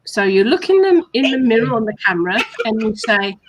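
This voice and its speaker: A woman's voice: on the high side, very animated, a little fast, slightly rough, dull audio. A woman co-hosting a casual coaching chat, patiently explaining steps and acting out sample compliments. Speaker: hypnotherapist co-host.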